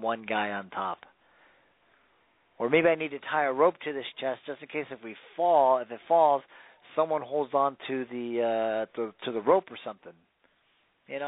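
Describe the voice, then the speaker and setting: A firefighter guest telling a long story in a rambling, casual way, with many fillers and restarts. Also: male voice, mid-range voice, no room sound. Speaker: firefighter guest on a radio talk show. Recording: dry tinny phone line.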